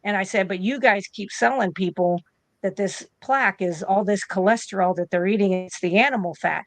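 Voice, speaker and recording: A woman's voice: mid-range voice, a little fast, dry recording. A woman in her fifties tells a personal story as a guest on an interview show, acting out what she and others said. Her voice sits in the middle range. The sound is dry and close. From United States. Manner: animated, acts out both sides of conversations. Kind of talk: casual storytelling.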